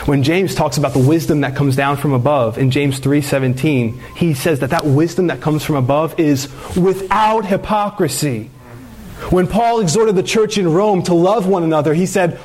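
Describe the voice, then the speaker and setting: A man's voice: on the high side, fairly quick, darkish tone, a little hiss or hum. A man preaching a sermon as pastor, earnest and building into fervent exhortation.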